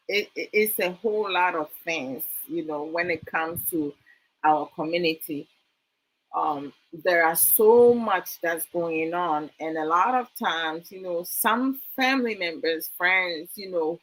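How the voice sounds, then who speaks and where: Woman, live stream host, bright voice, slow earnest talk, lots of fillers. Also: lowish voice, poor audio. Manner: reads out and thanks viewer comments.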